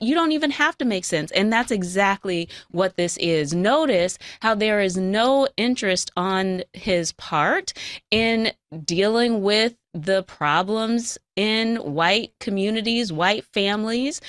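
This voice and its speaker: Measured analytical woman commentator. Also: medium pitch, fairly bright tone, no room sound, studio quality. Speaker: radio show guest commentator. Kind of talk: analytical talk radio commentary.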